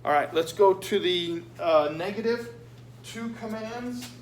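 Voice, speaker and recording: A man's voice: sits high, a little slow. A man teaching Spanish, walking his students through a written exam with patient, repetitive explanations and frequent "okay?" check-ins. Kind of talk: recorded lesson going over a written exam. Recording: echoey room with faint hum.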